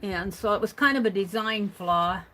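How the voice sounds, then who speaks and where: Her voice is medium-pitched and sharp, moving at a normal pace. Crafting on a livestream, she chats loosely, mutters to herself, reads out viewer comments, and laughs readily amid frequent restarts and fillers.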